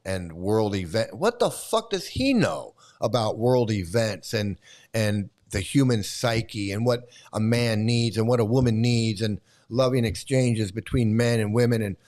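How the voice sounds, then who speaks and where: A man's voice: on the low side, a little mellow. Angry, swearing man ranting. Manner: angry, profane, mocking. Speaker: commentary channel host. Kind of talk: ranting commentary.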